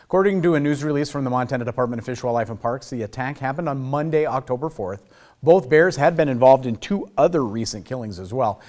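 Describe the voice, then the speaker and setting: A man's voice: medium pitch, fast. Man anchoring a morning newscast. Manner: steady, formal newsreading. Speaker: news anchor. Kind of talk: scripted news reading.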